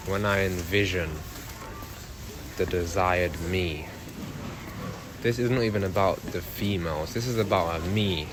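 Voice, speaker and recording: A man's voice: deep voice, noisy background. A man in his twenties talking through a personal video diary in an earnest, self-motivating way, repeating his phrases. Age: 20s. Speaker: vlogger. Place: various, including outdoors at a grave.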